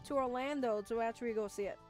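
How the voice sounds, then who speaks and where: A young woman streaming a game, chatting casually with viewers, giggly and excitable. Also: a little high, fast talker, faint music behind. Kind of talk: casual gaming stream chat.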